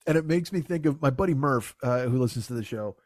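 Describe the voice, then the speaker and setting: A man's voice: mid-range voice, lively intonation, fast talker, a little mellow, dry recording, clean studio sound. Profane self-mocking male podcast host. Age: middle-aged. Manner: profane, self-mocking, acts out voices in quotes. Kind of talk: casual comedy podcast banter.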